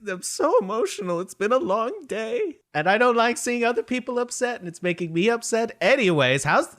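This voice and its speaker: A man's voice: extremely high pitch, big pitch swings, a little fast, a bit bright, voice pushed up, full character voice. A man voicing an emotional, chatty feathered bird-man who gushes dramatically. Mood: gushing. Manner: gushing, dramatic.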